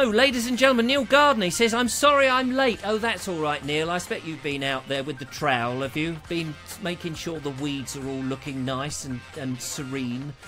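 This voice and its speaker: Animated, jokey male show host. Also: medium pitch. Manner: jokey, theatrical, teasing asides to viewers. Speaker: host of a live online show. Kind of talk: chatty live-stream monologue.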